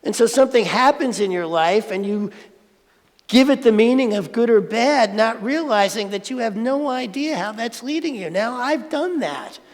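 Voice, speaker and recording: A man's voice: extremely high pitch, animated, moderate pace. A man giving a conversational sermon at a spiritual centre, playful and asking the audience questions. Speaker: spiritual speaker. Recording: reverberant hall.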